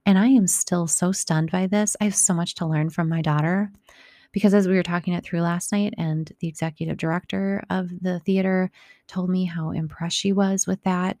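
A woman in her thirties or forties speaks straight to her listeners, telling a personal story in an unhurried, reflective way. Her voice sits low, with a gravelly fry and a mellow, dark tone. The recording is close and dry. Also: fairly even intonation, no room sound. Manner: warm, reflective, a bit long-winded with restarts. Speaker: podcast host speaking to listeners.

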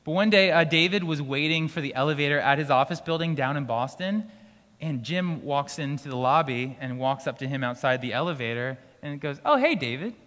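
A pastor with a fairly high, brisk, somewhat bright voice gives a sermon in a school auditorium used for church. His delivery is conversational, with restarts and the odd light laugh, all carried by long hall reverb.

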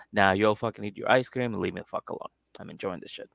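A man's voice: on the low side, steady tone, fast, creaky, few pauses, fairly bright tone, no echo, clean studio sound. A man co-hosting a casual podcast, retelling a story with lots of acted-out quotes and casual swearing. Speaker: podcast co-host. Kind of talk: casual chat, retelling a show.

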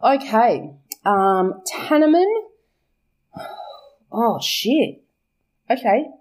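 A woman's voice: medium pitch, expressive, unhurried, darkish tone. A young woman, chatting casually about her book's characters, laughing often, swearing and correcting herself as she goes. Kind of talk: casual chat.

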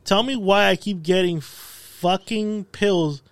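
A man's voice: high voice, takes it slowly, no echo. A man co-hosting a podcast, chatting casually and tossing in joking asides. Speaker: podcast co-host. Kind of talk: casual chat.

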